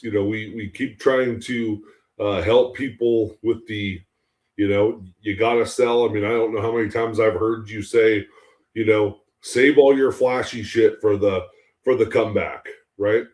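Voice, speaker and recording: A man's voice: lowish voice, darkish tone. A man co-hosting a podcast, talking casually and rambling with many fillers. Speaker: podcast co-host. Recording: echoey room.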